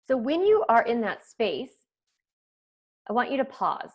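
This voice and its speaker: A woman's voice: on the high side, huge pitch swings, a little slow. A woman parenting coach leads a live online training. She talks in a conversational, chatty way and keeps turning to the viewers with casual asides.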